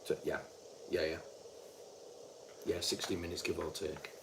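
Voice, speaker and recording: A man's voice: sits low, fairly even intonation, unhurried, creaky. A man from Britain in casual chat, reading back notes from a session in a conversational way. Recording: faint background noise.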